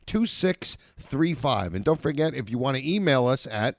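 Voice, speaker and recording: Brief: male co-host, animated, chatty, dry close studio sound. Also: medium pitch, normal speed, no room sound. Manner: lively, rambling plugs with fillers. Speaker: podcast co-host. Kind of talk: casual podcast chat.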